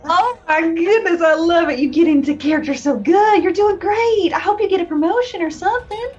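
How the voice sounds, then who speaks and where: A woman playing her character in a tabletop game, gushing and flattering in a sweet, chatty way. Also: very high-pitched, a little fast, muffled recording, faint music behind. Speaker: player.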